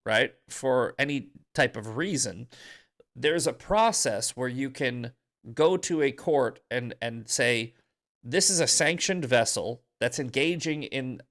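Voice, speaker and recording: A man's voice: mid-range voice, a bit bright. A male podcast host giving heated, profane commentary in an angry ranting manner.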